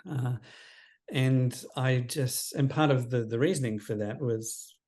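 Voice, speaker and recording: A man in his fifties, a counsellor guest on a podcast interview, telling a personal story in an earnest, reflective way that often trails off quietly. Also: medium pitch, unhurried. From Australia.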